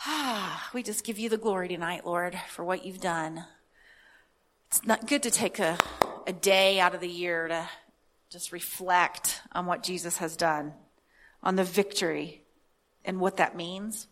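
Slow, emphatic woman preacher. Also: lowish voice, fairly bright tone, soft background music. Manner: slow, emphatic reading with drawn-out words. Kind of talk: sermon with scripture reading.

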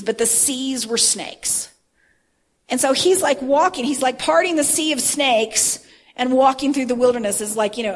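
A woman telling about a religious vision in a chatty, animated way with lots of fillers. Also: fairly high pitch. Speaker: Christian vision sharer. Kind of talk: casual testimony talk. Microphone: phone, handheld.

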